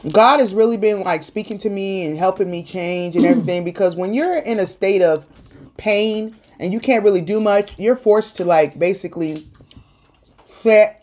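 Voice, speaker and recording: A woman host speaking earnestly about faith and perseverance in a casual chat, talking like a sermon and protesting loudly when teased. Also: medium pitch, moderate pace. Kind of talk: casual faith talk on an eating show.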